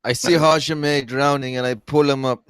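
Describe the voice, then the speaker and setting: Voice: medium pitch, fairly even intonation, moderate pace, a bit bright, clear, resonant tone, dry recording. A player at a tabletop game, goofy and giggly. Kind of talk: tabletop role-play.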